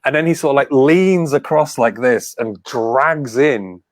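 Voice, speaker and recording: A man's voice: medium pitch, a little slow, dry recording. A man co-hosting a casual chat, telling stories with lots of acted-out quotes. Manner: animated storyteller, acts out quotes. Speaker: podcast co-host.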